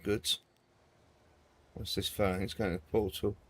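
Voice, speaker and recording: A man's voice: fairly low pitch, flat delivery, normal speed. A man hosting a gaming video, giving casual, rambling commentary and chatting to viewers as he plays.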